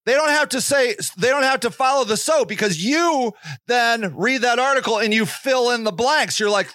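This podcast host rants through a monologue with passion, sarcasm, and indignation. He speaks at normal speed in a very high-pitched, bright, forceful voice, with no room sound.

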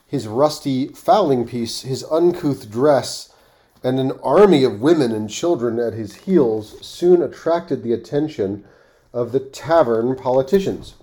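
A man reading a classic story aloud on his podcast, expressive, with offhand asides. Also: medium pitch, a little slow.

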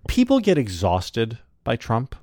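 A man's voice: medium pitch, wildly swooping pitch, measured pace, darkish tone, no room sound, clean studio sound. A man co-hosting a podcast in casual political chat, wry and emphatic, building his points aloud. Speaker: podcast co-host.

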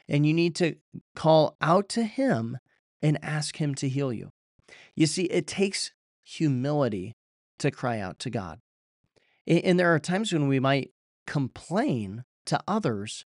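A man's voice: mid-range voice, darkish tone, dry recording. Earnest male preacher, dry close sound. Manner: earnest, repetitive exhortation with stumbles and restarts. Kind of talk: sermon with scripture reading.

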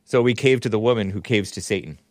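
A man's voice: lowish voice, fast, no echo, studio quality. A man hosting a talk show, giving sarcastic, chuckling commentary while reading out chat comments.

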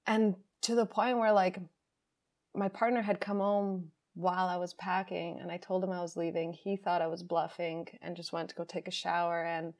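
Young woman guest, low-pitched, emotional storyteller who acts out inner voices. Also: level tone, moderate pace, darkish tone. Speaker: podcast guest. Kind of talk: candid personal storytelling.

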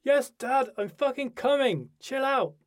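A man voicing a caring, blunt young woman who swears easily and turns quick and concerned. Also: high-pitched, expressive, mellow, slightly rough, voice pushed up, heavily acted. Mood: casual. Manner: quick, concerned, slightly panicked.

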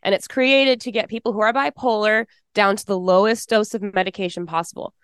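A woman in her forties from Texas, telling her personal testimony in an interview, emotional and fast-talking. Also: medium pitch, fairly even intonation, fairly bright tone, smooth, dry recording, clean studio sound.

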